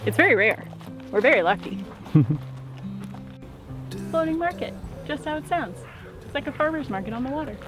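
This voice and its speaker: A woman's voice: sits high, expressive, moderate pace, pauses often, music in the background. A woman chatting casually as a travel vlogger on a canal narrowboat trip, bubbly and laughing often. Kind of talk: casual vlog chat.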